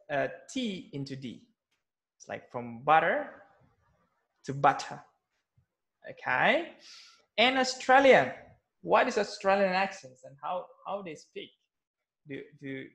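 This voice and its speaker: A man with an Indonesian accent, a non-native English speaker, teaching an English lesson in a halting way with many fillers and restarts. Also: mid-range voice, creaky, a bit bright. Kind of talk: casual spoken English lesson.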